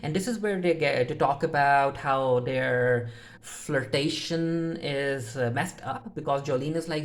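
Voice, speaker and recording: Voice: mid-range voice, unhurried. A reviewer recapping a TV episode in a loose, unscripted way, often breaking off with fillers and restarts and retelling each scene through the characters' lines. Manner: retells scenes in the characters' voices with "he's like" and "she's like". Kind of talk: casual spoken episode recap.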